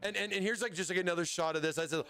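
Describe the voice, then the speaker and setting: A man's voice: sits high, steady tone, very fast, bright, forceful tone. A man hosting a casual product livestream, rambling and often stammering and repeating words. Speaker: livestream host.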